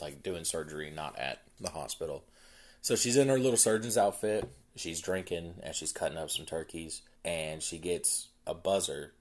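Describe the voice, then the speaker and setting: A man hosting a podcast, casually retelling a film's plot in a loose, rambling way full of fillers. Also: sits low. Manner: rambling, filler-heavy storytelling. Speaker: podcast host. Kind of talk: casual movie recap.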